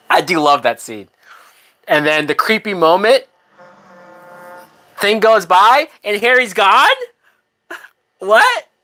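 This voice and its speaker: A woman's voice: mid-range voice, lively intonation, takes it slowly, long pauses, bright, forceful tone. A woman hosting a live movie watch-along, talking bluntly with frequent swearing and laughter. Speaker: movie reaction host.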